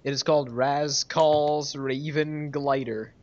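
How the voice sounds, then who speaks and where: A man's voice: fairly high pitch, fairly even intonation, takes it slowly. Man presenting news on a dull, lo-fi podcast. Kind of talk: casual podcast chat. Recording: dull lo-fi audio.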